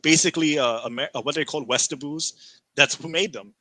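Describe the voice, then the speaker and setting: Casual gaming podcast guy, opinionated, trips over his words, bright voice, dead dry room. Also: a little high, fairly quick, dry recording, low-quality recording. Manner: animated, opinionated, frequent restarts. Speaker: podcast co-host.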